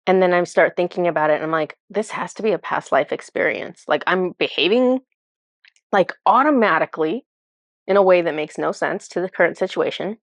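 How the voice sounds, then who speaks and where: A woman's voice: lowish voice, fairly quick, no room sound. A woman casually retelling a spiritual vision as a channeler, chatty and full of fillers, laughing at herself.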